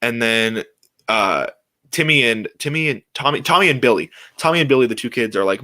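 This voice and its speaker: A young man talks alone as host of his own show, tumbling through his thoughts with restarts and fillers. His voice is bright and forward, and he sounds eager throughout. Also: medium pitch, a little fast. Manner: excited, rambling, many restarts and fillers. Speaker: podcast host. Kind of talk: casual solo chat.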